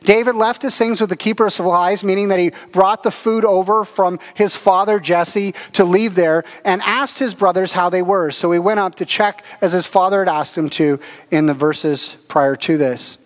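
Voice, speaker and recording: High-voiced man preaching casually. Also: moderate pace, in a large hall. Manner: conversational, anecdotal preaching with chuckles and filler words. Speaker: pastor. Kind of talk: sermon. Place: church service.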